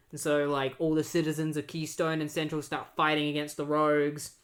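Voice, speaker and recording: A casual podcast host recaps a comic storyline in a mid-pitched, even, everyday delivery, rambling with lots of "like" and "uh." He keeps dipping into quick character voices as he quotes the story.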